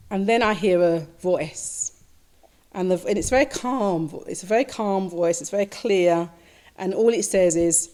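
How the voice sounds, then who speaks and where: In her mid-range voice, the woman teaching Buddhism tells of a dream at a slow pace in a dharma talk. Soft fillers dot her reflective, repetitive telling.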